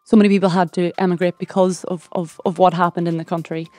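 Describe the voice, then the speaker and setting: A woman's voice: fairly low pitch, little pitch movement, fast talker, dark tone, dry recording. A woman, a stage actor, talking casually in an interview with many ums. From Ireland. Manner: chatty, laughs easily, many ums.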